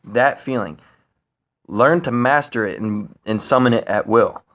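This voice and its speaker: A man talking to camera in a rambling, profane monologue, full of fillers and restarts, getting higher and louder when he is worked up. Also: a little slow. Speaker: vlogger. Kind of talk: casual monologue.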